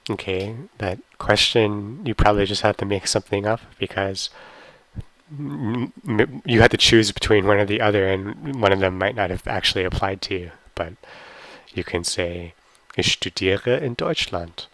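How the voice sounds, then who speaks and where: A young man teaching an online language lesson, drilling practice questions slowly and carefully with frequent ums. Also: fairly low pitch, steady tone, a bit bright, no room sound.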